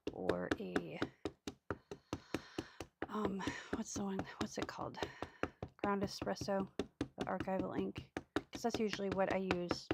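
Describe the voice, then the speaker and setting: Gravelly-voiced woman chatting through a craft tutorial. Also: medium pitch, very noisy. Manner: chatty, self-mocking, drops to murmurs while working. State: hiccups. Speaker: crafting video host. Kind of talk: casual craft tutorial chat. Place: craft table indoors.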